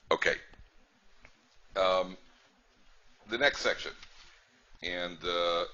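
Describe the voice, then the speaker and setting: A man's voice: deep voice, bright, forceful tone. A male rabbi giving a humorous class, chatty and repetitive, often asking the audience "right?". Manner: chatty, repeats phrases, asks "right?". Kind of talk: humorous lecture storytelling. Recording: dull lo-fi lecture recording, faint noise.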